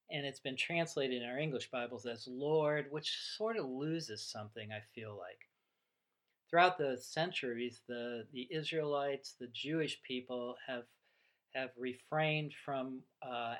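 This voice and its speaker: A man preaching a sermon, teaching in an unhurried, reflective way and voicing the dialogue of the story he retells. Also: medium pitch, a bit bright. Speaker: pastor.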